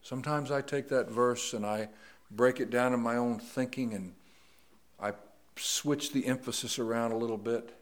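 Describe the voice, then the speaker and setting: A middle-aged man preaching a sermon, slow and deliberate, rising to emphatic stress on key words. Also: mid-range voice, steady tone.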